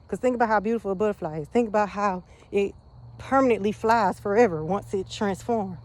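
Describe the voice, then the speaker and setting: A woman's voice: medium pitch, a little mellow. A woman vlogging while walking outdoors, a bit out of breath, giving a slangy, casual motivational talk with many "you get what I'm saying" asides. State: slightly out of breath.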